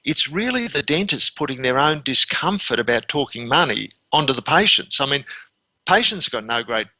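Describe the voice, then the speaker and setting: A man's voice: medium pitch, sing-song, normal speed, pushed and bright, no echo. An Australian man in his fifties, a dentist guest telling earnest anecdotes with frequent restarts. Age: 50s. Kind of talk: conversational interview.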